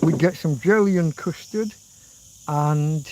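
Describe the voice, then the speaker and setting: An English man in his fifties hosts a loose livestream chat, wandering from one memory to the next. He swears casually and hums old tunes. His voice sits a little high, with a faint hiss of noise underneath. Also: slow pace, mellow, poor audio. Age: 50s. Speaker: livestream host.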